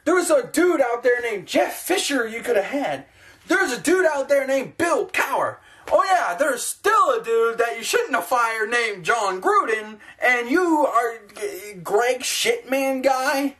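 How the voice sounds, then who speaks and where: A man's voice: very high voice, very animated, unhurried, fairly bright tone. A man ranting in a profane, self-mocking sports vlog, talking to his own camera at home. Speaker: sports vlogger.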